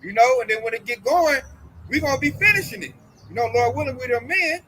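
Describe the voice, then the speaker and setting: A man's voice: very high voice, expressive, brisk, pushed and bright, a little hiss or hum, poor audio. A man talking casually about religion as a host, emphatic and full of slang, acting out the voices of people he quotes.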